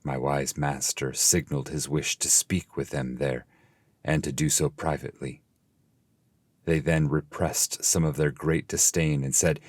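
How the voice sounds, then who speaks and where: A man, the translator, narrating his verse translation in a steady, measured audiobook reading. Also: rumbling low, no room sound. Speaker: translator and reader.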